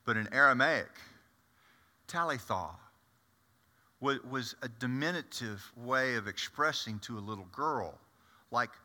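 Guy doing impetuous old apostle peter, slow, chatty asides, bright voice, echoey hall. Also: mid-range voice, animated. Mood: storytelling. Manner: chatty, confiding asides to the audience. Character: the apostle Peter, middle-aged man, blunt and impetuous. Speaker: preacher performing a first-person monologue. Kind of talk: dramatic first-person monologue.

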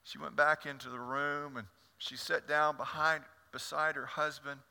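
Bright-voiced pastor preaching in a reverberant church. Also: male voice, fairly high pitch, normal speed, gravelly, clean tone. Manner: animated storytelling with frequent stammered repeats. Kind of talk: sermon. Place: church sanctuary.

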